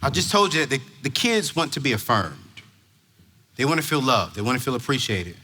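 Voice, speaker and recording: A man giving an emphatic, preachy stage talk to parents at a large conference, shouting at the high points. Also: very animated, fairly quick, breathy edge. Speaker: motivational speaker. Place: large conference hall before a crowd.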